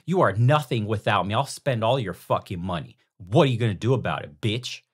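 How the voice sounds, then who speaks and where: A man's voice: lowish voice, expressive, a little fast, husky. A man putting on the voice of a bossy, abusive wife who taunts her husband. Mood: taunting. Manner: taunting, aggressive, profane. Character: domineering, abusive wife cracking the whip.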